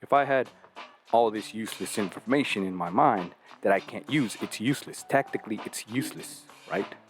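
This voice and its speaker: A man's voice: fairly low pitch, a little fast. A man hosting a talk show, lecturing bluntly and profanely, full of rhetorical questions. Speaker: podcast host giving dating advice. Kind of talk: casual talk.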